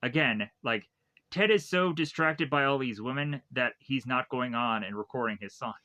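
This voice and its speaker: A man talks through a movie's plot in a loose, rambling review, piling on fillers and restarting his sentences. His voice is bright and forward. The recording is dry, with no room sound. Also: mid-range voice, normal speed, dry recording. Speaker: film reviewer. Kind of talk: casual spoken movie recap.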